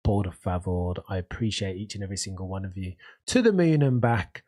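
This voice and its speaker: A man with a Birmingham accent hosts a casual live stream from home, rambling with real enthusiasm. His voice sits fairly low and has a husky edge. He reads out chat and answers it in easy, chatty runs. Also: sing-song, brisk, a little mellow.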